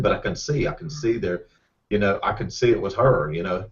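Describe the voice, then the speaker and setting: A middle-aged race car driver, telling a rambling, folksy story with repeated words. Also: male voice, fairly low pitch, fairly quick. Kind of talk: casual storytelling. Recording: distant, muffled mic.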